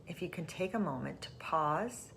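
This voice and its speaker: A woman hosting a spiritual teaching program, speaking softly and calmly, and now and then sinking into a breathy whisper. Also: deep voice, normal speed, a little hiss or hum. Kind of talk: gentle spiritual teaching talk.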